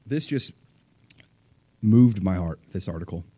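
A middle-aged man preaching a sermon, talking loosely and acting out voices with sudden jumps in pitch. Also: unhurried, husky, no echo. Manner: animated, acts out voices of people and God with sudden pitch jumps. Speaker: pastor.

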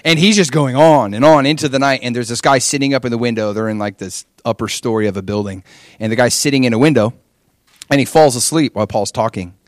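A pastor in his forties preaching a sermon, telling a personal story in an animated way and acting out his own past prayers and conversations. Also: mid-range voice, quick pace, no echo, clean studio sound.

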